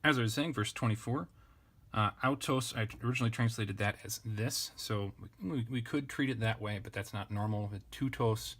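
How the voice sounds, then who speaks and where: A man teaching an unscripted grammar lesson, thinking aloud and correcting himself in a relaxed way. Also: on the low side, normal speed. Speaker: language teacher. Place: indoors at a desk with a camera.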